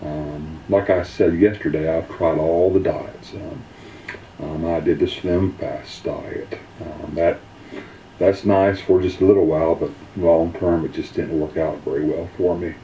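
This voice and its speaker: A man giving an earnest personal testimonial, halting and full of filler ums. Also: sits low, steady tone, dark tone, slight background noise. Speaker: weight-loss testimonial speaker. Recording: roomy, distant, dull mic.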